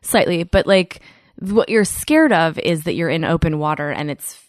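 A woman's voice: low voice, moderate pace, no echo, clean studio sound. A woman comedian telling stories as a podcast guest, full of fillers and restarts. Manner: animated storyteller with many fillers and restarts. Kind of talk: casual podcast chat.

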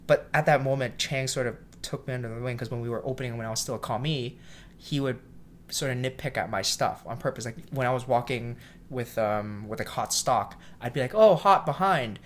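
A man who works as a cook is telling a story in a relaxed interview, and he has a voice of average pitch. He acts out the people in his story and sometimes shouts their lines. Faint room ambience sits behind him. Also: brisk, a little hiss or hum. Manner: animated storyteller, acts out quotes loudly; self-described shy.

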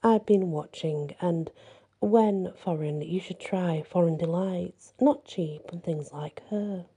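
A woman voicing a seductive female huldra, a forest spirit luring a man, in a soft whispery voice. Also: lowish voice, slow, breathy edge, full character voice.

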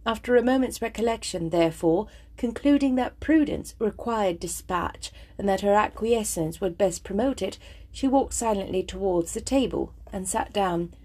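Husky woman reading a classic novel. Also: mid-range voice, normal speed, a little mellow. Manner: chatty, self-deprecating, eager. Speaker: audiobook reader. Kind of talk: casual intro then novel narration.

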